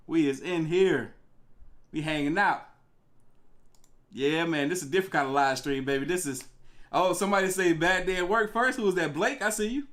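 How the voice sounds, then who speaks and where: A young man with a fairly high voice hosts a live stream and chats loosely with his viewers in easygoing slang. His talk stays casual and conversational throughout. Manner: relaxed, slangy, chatting with viewers. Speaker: livestream reaction host.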